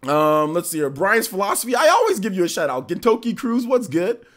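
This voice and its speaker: A male streamer chats live from his home setup. His voice sits high and swings widely in pitch. He reels off viewer names with quick greetings and laughs off trolls in a loose, slangy way. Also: big pitch swings. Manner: shouts out chat names, trash-talks trolls, laughs often. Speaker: streamer reading live chat. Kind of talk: casual live-stream chat.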